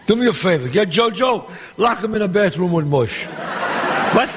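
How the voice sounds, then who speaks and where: An actor playing a middle-aged gangster boss who runs a dice game. He is loud and bossy, and he swears and throws insults around freely. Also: high-pitched, expressive, normal speed, noisy background. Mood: boisterous. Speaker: mob boss at a craps game. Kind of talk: film dialogue. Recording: echoey hall sound with faint ambience.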